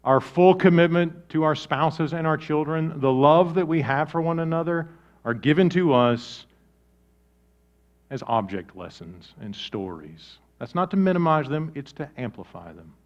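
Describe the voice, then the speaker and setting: A man preaching a sermon, swinging from loud, animated storytelling to quiet, low emphasis. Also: unhurried, dull audio. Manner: lively preaching with big swings in volume. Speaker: pastor.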